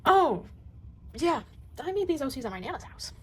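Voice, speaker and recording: In a high voice with big pitch swings and a moderate pace, a woman walks through her sketchbook, gushing, rambling, and often fading into mumbles. The recording quality is low.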